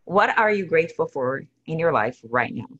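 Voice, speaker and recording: A woman hosting a podcast in casual chat, animated and gushing. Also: sits low, normal speed, muffled recording. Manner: animated, gushing, slips into excited quoted exclamations. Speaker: podcast host.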